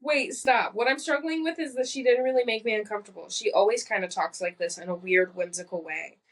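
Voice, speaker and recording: A woman's voice: medium pitch, fairly quick, fairly bright tone. A woman co-hosting a podcast in casual chat, reading posts aloud and reacting bluntly with incredulous, profane remarks. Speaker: podcast co-host.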